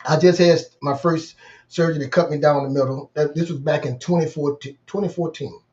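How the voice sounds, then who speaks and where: A man's voice: a little high, fairly even intonation, brisk, darkish tone, dull audio. Emphatic middle-aged man telling a story. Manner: emphatic, repetitive, vernacular storyteller. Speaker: podcast host. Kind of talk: personal storytelling.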